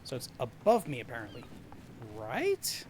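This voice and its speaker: A man's voice: medium pitch, wildly swooping pitch, moderate pace, slight background noise. A man streaming a game, chatting casually and joking while he plays. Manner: playful, joking asides. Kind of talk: casual gameplay chat.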